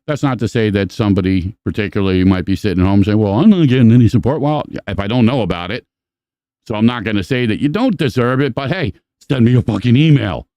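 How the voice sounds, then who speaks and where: A man hosting a live podcast, chatting casually and profanely while giving rambling shout-outs. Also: fairly low pitch, clean tone, no room sound. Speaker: podcast host. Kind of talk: casual live-stream chat.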